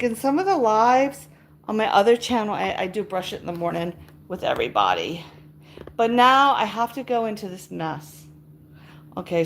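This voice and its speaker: A middle-aged woman chatting casually with live-stream viewers as she tidies and sorts her house. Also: mid-range voice. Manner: chatty, talks to viewers while sorting and moving things. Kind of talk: casual live-stream chat while tidying. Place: house interior, moving between rooms.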